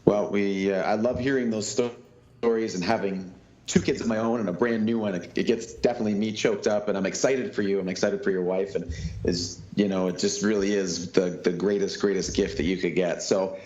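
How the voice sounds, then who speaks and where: A man's voice: on the low side, steady tone, brisk, darkish tone, muffled recording. A man hosting a podcast, talking in a friendly, conversational way. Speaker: podcast host. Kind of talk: podcast interview. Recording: roomy echo.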